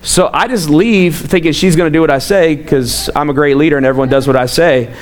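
A man's voice: on the high side, brisk. A middle-aged man, a pastor, telling a self-mocking story and acting out the quoted lines with lots of energy. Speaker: youth pastor. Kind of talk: storytelling talk.

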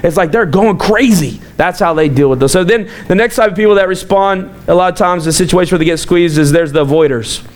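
Man, young adult, high voice, pastor, casual sermon, animated storytelling. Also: quick pace, hardly any pauses. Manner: animated storytelling, acts out quoted voices, chuckles often.

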